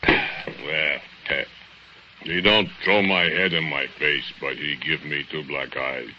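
An actor playing a jealous immigrant steelworker who speaks broken English, in 1940s radio acting. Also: male voice, rumbling low, fairly even intonation, sharp tone, exaggerated voice. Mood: brooding. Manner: broken English, slow heavy confession. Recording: muffled old radio recording, faint hiss.

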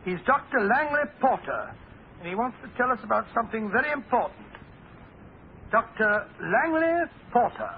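A man's voice: very high voice, lively intonation, fast talker, creaky, exaggerated voice. An actor playing a genial male doctor who tells the stories, in 1940s radio style. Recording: tinny old radio broadcast, faint hiss.

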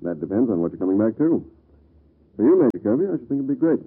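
A man's voice: lowish voice, very animated, quick pace, slightly rough, full character voice. A man playing a rueful, sardonic husband. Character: bitter, self-doubting husband back from abroad. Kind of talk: old-time radio drama acting. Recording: lo-fi vintage radio recording.

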